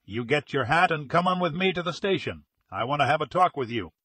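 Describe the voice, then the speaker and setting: A gruff, commanding police inspector, middle-aged and brisk, as an audiobook reader puts him on. The voice is husky and a little breathy, and it sits close in a dry, deadened space. He barks his orders in short bursts. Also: fairly high pitch, lively intonation, bright, forceful tone, no echo, voice pushed up, exaggerated voice. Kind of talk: audiobook character reading.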